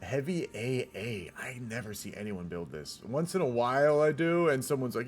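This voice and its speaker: A man with a mid-pitched voice gives loose, rambling commentary on a strategy game during a live stream. He drifts into side thoughts and swears casually. Faint music plays underneath. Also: expressive, moderate pace. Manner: rambling, laid-back, swears often, trails off into asides.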